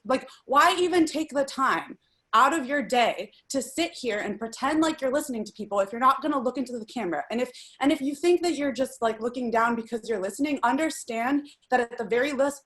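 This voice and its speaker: A woman's voice: fairly high pitch, fairly bright tone. Exasperated woman scolding officials. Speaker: public commenter. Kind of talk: public comment.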